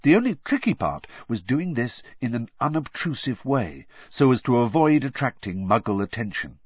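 A man reading a storybook aloud as an audiobook narrator, with expressive scripted narration. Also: mid-range voice, moderate pace, breathy edge, no room sound, highs cut off.

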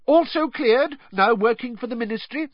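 A man's voice: very high voice, expressive, normal speed, no room sound, voice pushed up. A man voicing a stubborn, angry middle-aged male minister of magic who blusters pompously. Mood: indignant. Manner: blustering, pompous, indignant shouting. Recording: dry, dull lo-fi recording.

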